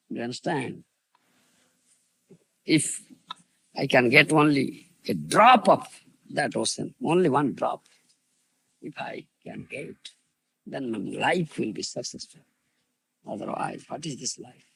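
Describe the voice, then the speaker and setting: A man's voice: mid-range voice, creaky, a bit bright, slightly rough. A man giving a devotional lecture, emphatic and repetitive, often asking listeners whether they understand. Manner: emphatic, repeats phrases, asks "you understand?", laughs. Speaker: spiritual teacher.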